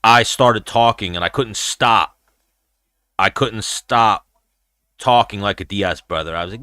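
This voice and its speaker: A man's voice: fairly low pitch, a little slow, pauses often, pushed and bright, no echo. A young man hosting a casual livestream, talking in a rambling, profane way and telling stories. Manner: profane, rambling storyteller who slips into impressions. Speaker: show host.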